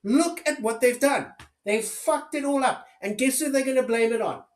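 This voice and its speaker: Recorded with a roomy echo, a political commentator with an extremely high-pitched voice talks at normal speed. He's furious, swearing heavily and launching sarcastic rhetorical questions throughout his rant.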